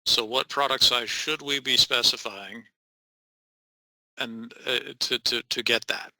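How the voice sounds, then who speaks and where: Bright dry-voiced man asking questions. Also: medium pitch, fairly even intonation, measured pace, no echo, rough recording. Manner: probing, restarts questions. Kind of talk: audience questions.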